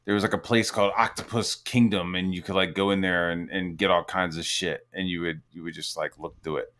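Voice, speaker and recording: A podcast host in his forties, voice sitting low with a steady, slightly bright tone, talks briskly through a long, rambling story. He swears freely, leans hard on "like" as filler, and acts out what other people said in casual chat.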